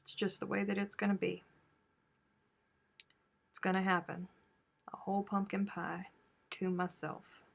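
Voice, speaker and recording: A woman hosting a crochet live stream, chatting casually with viewers and reading out their comments, with sudden loud animated outbursts. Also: medium pitch, a little slow, vocal fry, long pauses. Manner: chatty, reads and answers viewer chat; animated, bursts into loud exclamations.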